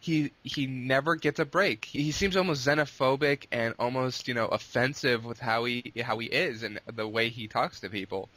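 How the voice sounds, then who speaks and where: Male interview guest, casual and rambling, with a bright, forceful tone. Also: medium pitch, moderate pace, hardly any pauses. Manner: long-winded, rambling with restarts. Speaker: guest, abridged series creator.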